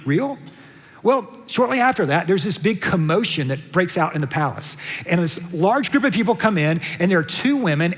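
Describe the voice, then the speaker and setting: A man with a Southern US accent preaching a sermon as a pastor, telling a story with lively storytelling and acting out the characters' lines. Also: sits high, big-room sound.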